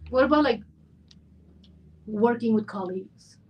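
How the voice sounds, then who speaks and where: A woman's voice: fairly high pitch, measured pace, slightly rough, highs cut off. A woman hosting an interview, asking curious follow-up questions and giving frequent short acknowledgements. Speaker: interviewer, host. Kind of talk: casual interview conversation.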